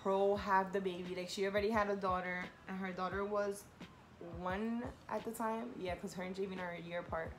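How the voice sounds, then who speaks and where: A young woman telling a personal story in a casual, animated way. She talks in slang, fills her talk with "like", and voices the people in the story. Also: fairly quick, a little hiss or hum. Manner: animated, quotes herself and others with rising pitch; heavy use of "like", slangy. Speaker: vlogger.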